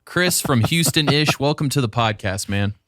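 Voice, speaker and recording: A man hosts a casual podcast, quick with teasing quips. His voice sits at a middle pitch and sounds dry and close. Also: animated, a bit bright, dry recording. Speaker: podcast host.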